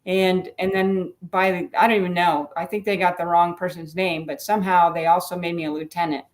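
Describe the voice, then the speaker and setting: A woman's voice: lowish voice, level tone, brisk. A middle-aged woman, a retired police lieutenant, telling her story as a guest in a candid, self-deprecating way. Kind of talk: casual interview talk.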